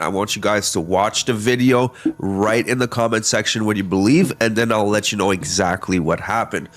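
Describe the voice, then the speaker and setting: A man with a fairly low voice delivers reaction commentary. He picks apart a clip in a mocking, matter-of-fact tone. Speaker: commentary host.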